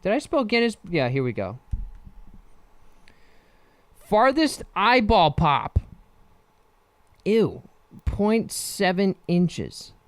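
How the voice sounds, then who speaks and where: Brief: jokey man riffing solo on a podcast mic, clear, dry sound, very animated. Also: high-pitched, slow pace, no room sound. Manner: rambling, jokey, laughs often. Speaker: podcast host.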